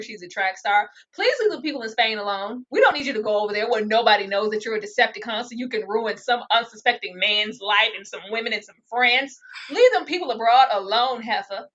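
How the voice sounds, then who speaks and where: A husky-voiced woman vents about a TV drama in an exasperated, emphatic rant. Her voice sits fairly high. The recording is dull and lo-fi. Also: fairly bright tone. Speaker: TV recap co-host. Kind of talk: casual recap chat.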